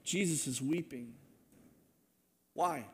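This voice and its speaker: A man preaching a sermon, moving between loud proclamation and hushed, earnest asides. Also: on the high side, slow pace. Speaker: pastor.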